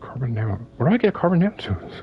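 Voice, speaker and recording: Young man, streamer, rambling casual storytelling, lively swooping pitch, faint music behind. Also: racing, dull audio. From United States. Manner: rambling, animated, lots of fillers.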